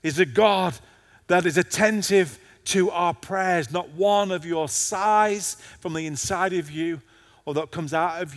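Pastor guy preaching hard, kinda high voice, long echo like a big church hall. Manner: passionate preaching, rising and falling in intensity. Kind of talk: sermon.

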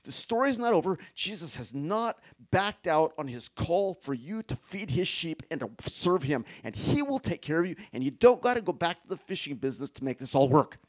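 A man preaching a sermon to a room of listeners, emphatic, asking rhetorical questions and now and then dropping to a hush. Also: on the high side, very animated, normal speed, few pauses.

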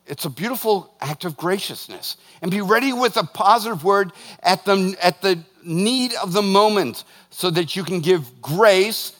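A man, a pastor preaching a sermon, lively and joking as he tells stories to his congregation. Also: high voice. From northern United States. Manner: lively, joking, animated storytelling. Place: church hall. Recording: long hall reverb.

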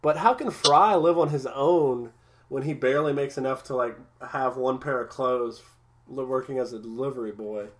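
A man's voice: medium pitch, normal speed. A man chatting casually as a podcast co-host, recapping an episode with many restarts and frequent laughs.

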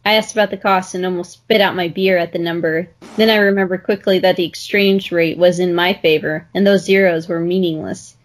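A woman co-hosting a podcast who reads part of a story and reacts with animated laughter. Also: on the low side, a little fast, hardly any pauses. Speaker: podcast co-host.

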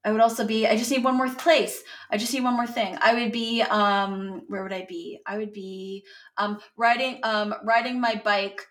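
A woman's voice: mid-range voice, fairly even intonation, normal speed, fairly bright tone. Chatty rambling woman actor. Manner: rambling, chatty, self-deprecating. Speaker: guest, actor. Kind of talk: casual interview chat.

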